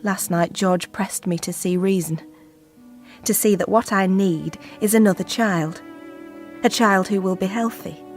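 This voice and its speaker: An actress playing a grieving Victorian mother reading from her diary in a formal, measured way. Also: medium pitch, steady tone, a little mellow, faint music behind, natural voice. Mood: withdrawn. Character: grieving Victorian mother, diarist, bereaved and withdrawn. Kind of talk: radio drama acting.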